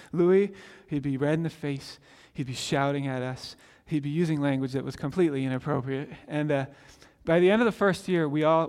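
The sound of a big room surrounds a man in his forties whose voice sits on the high side. He's a pastor giving a storytelling sermon in a chatty way, often breaking off and starting sentences over.

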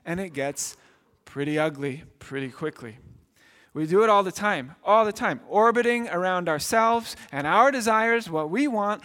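A man's voice: on the high side, fairly bright tone, long reverb tail. A middle-aged man preaching a sermon, talking in a conversational way and acting out small scenes now and then. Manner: conversational preaching with acted asides. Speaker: pastor.

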